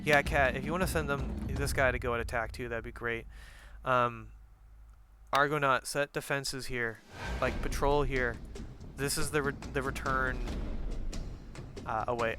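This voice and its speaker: A man's voice: mid-range voice, steady tone, unhurried, pauses often, over music. A young man giving casual, profane commentary while playing a strategy game, rambling with lots of fillers and jokes.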